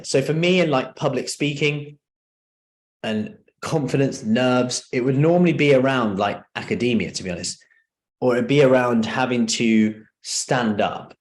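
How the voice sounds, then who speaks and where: A medium-pitched man runs a live seminar as a personal trainer. He keeps things conversational and frequently puts questions to the audience.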